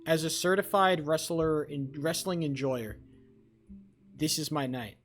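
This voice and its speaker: A young man chatting on a live stream, rambling and excitable with lots of swearing. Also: fairly high pitch, unhurried, soft background music. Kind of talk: casual live-stream chat.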